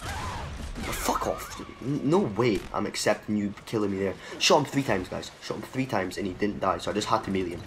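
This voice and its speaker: A young man commentating his own gameplay for his channel, excitable and swearing freely as he talks at the players on screen. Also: fairly low pitch, fast talker, hardly any pauses, noisy background. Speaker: gaming channel host. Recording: game sounds under the voice, clearly audible.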